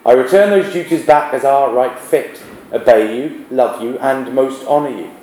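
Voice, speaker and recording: A man's voice: medium pitch, moderate pace, dark tone, natural voice. A man reading aloud the part of a firm, plain-spoken young royal woman, in an echoey classroom. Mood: measured.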